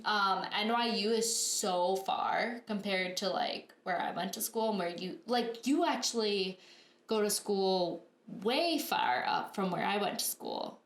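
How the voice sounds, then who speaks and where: A woman's voice: mid-range voice, unhurried. A young woman co-hosting a podcast, chatting casually and giving supportive advice. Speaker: podcast co-host. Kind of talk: casual chat. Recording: echoey room.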